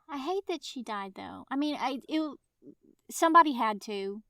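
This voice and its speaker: A woman co-hosting a book podcast in casual chat, telling things with animated enthusiasm. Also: sits high, slow pace, no echo, studio quality. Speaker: podcast co-host.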